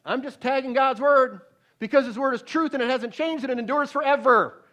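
Delivered briskly, this man's sermon shifts from loud, emphatic bursts to hushed storytelling. Words get repeated often as he restarts his lines.

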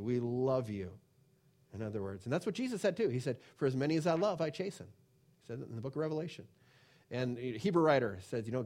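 Male pastor, sermon delivery, earnest and conversational, slightly high-pitched. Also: darkish tone. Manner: earnest, conversational preaching with frequent fillers.

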